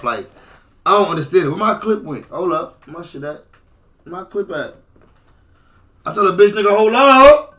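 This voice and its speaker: A man casually reacting to interview clips, swearing, laughing and loudly mocking what he hears. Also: high voice. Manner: loud, profane, laughing and shouting mockery.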